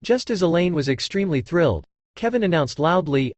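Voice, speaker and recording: Guy reading an audiobook, fairly high voice, lots of pitch movement, dry close sound. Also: animated, a little fast, few pauses, a little mellow, dry recording. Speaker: audiobook narrator. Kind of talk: scripted narration.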